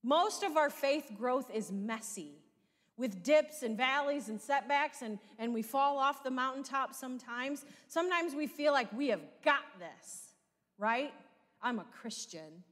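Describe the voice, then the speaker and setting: A woman's voice: high-pitched, animated, a little slow, fairly bright tone. Midwestern woman pastor, reverberant church. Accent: American Midwest. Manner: conversational preaching with rhetorical questions. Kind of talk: sermon. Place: church sanctuary.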